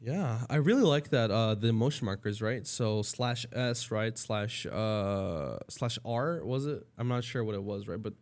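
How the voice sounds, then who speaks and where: A man's voice: fairly low pitch, measured pace, few pauses. A man hosting a casual podcast chat in a playful, joking manner. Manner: playful, jokey, animated.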